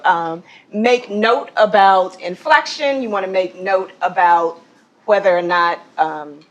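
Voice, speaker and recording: A woman's voice: mid-range voice, poor audio. Woman, voice coach, training session, questions to the group, frequent laughs. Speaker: voice and presence trainer. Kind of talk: corporate training workshop. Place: office training room.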